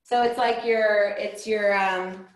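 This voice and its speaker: A woman leads an informal spiritual class and explains things in a loose, chatty way, doubling back on her words. Her voice sits at an ordinary middle pitch. The room around her echoes noticeably. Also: steady tone, slow pace. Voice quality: rambling, chatty, many restarts and fillers. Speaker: spiritual teacher.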